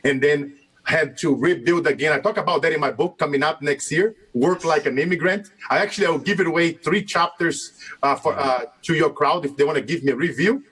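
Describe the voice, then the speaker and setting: Animated Brazilian man with a husky voice. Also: fairly high pitch, a little fast, rough recording. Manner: animated, laughs often, non-native grammar. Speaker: guest, sales and life coach. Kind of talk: casual storytelling interview.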